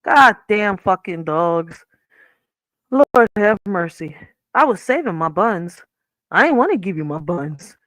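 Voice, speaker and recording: A woman's voice: lowish voice, big pitch swings, slow pace, fairly bright tone, no room sound, rough recording. A woman hosting a livestream from her chair at home, telling a story in a casual, profane, laughing way. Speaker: livestream host. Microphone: wearing headphones.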